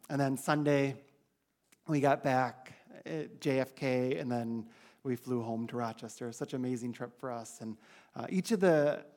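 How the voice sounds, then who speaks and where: A man leading a church mission team, telling the congregation about the trip in a casual, chatty way on a handheld mic. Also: medium pitch. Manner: chatty, animated when quoting others. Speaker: mission trip leader giving a church report.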